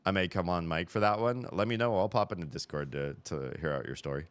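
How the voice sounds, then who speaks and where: A man's voice: low voice, quick pace, few pauses, clean tone. A man hosting a live stream, rambling through casual chat and correcting himself as he thinks aloud into a headset mic.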